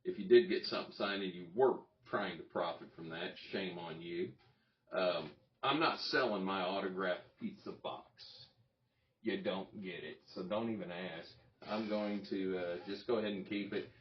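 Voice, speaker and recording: A man with a low voice, speaking at normal speed, hosts his own YouTube channel in a casual talking-head vlog. He tells a story in a rambling, self-interrupting way, chuckling as he goes. The recording sounds roomy, distant, dull and lo-fi.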